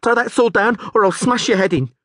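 A man voicing a frightened town guard who yells threats in a trembling voice. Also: high voice, brisk, dry recording, studio quality, pitched above the performer's own voice, natural voice. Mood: frightened, shouting. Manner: shouting, trembling.

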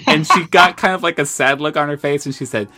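A man's voice: a little high, a little fast, soft background music. Chatty male podcast co-host telling stories. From United States. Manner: animated, self-deprecating storyteller. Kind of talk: casual storytelling chat.

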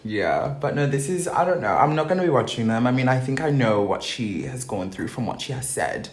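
Low, lively-pitched woman as a playful podcast co-host, recorded in an echoey room. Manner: playful, quick banter. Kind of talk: casual chat. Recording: echoey room with faint noise.

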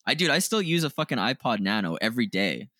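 A man co-hosting a podcast in casual chat, talking excitedly, swearing often and laughing loudly. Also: mid-range voice, dry recording, studio quality. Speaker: podcast co-host.

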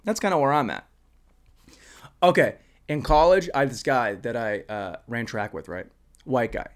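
A young man podcasting alone in his room, rambling and profane, swinging between loud rants and muttered asides. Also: medium pitch, lively intonation, moderate pace. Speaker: solo podcaster. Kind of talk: casual comedic monologue.

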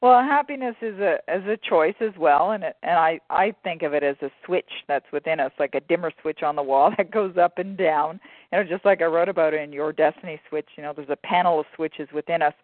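A woman author telling stories in a relaxed interview, with frequent fillers and laughter. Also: low voice, a little fast, no room sound. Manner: animated storyteller, many fillers and laughs. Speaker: guest author. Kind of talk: casual conversational interview. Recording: phone-like dry line.

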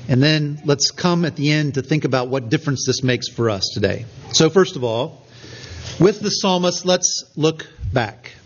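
A man preaching a sermon, earnest and measured, reading scripture aloud. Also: on the high side. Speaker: pastor. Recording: dull lo-fi recording.

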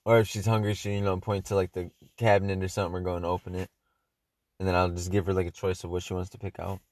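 A man in a casual chat who talks in a relaxed, easygoing way, heavy on "like" and "you know". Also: low voice, quick pace, dry recording.

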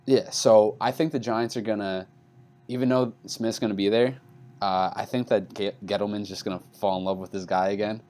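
Man, from New York, fairly low voice, animated casual sports chat, podcast co-host. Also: normal speed. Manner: animated, pitch jumps up when arguing.

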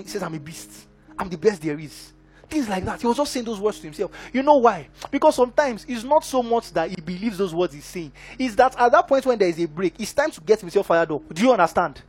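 A man preaching in a fairly high voice, emphatic and driving, constantly asking his listeners whether they follow him. He delivers a sermon as a minister, with soft music playing behind him. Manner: emphatic, keeps checking in with the congregation.

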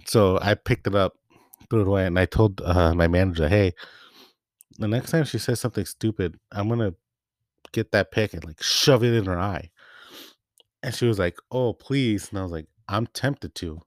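A man's voice: low voice, normal speed, no echo. Young man, casual angry vent, swears a lot, dry close recording. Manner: profane, heated, retells quoted exchanges. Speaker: part-time bakery packager. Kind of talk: casual venting rant.

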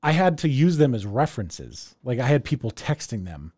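A man's voice: mid-range voice, sing-song, normal speed, warm tone, breathy edge, no room sound, clean studio sound. A man hosting a podcast in casual chat, rambling along, swearing freely and laughing often. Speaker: podcast host.

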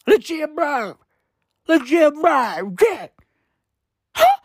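High voiced woman, excitable profane rant, wildly swinging pitch, slow drawn-out delivery. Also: no room sound, studio quality. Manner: excitable and profane, repeating slang fillers. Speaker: commentator. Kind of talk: reaction commentary.

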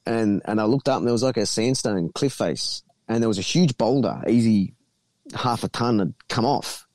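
A man's voice: on the low side, normal speed, darkish tone, no echo. A man telling a rambling story in casual podcast chat, swearing freely as he goes. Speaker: guest.

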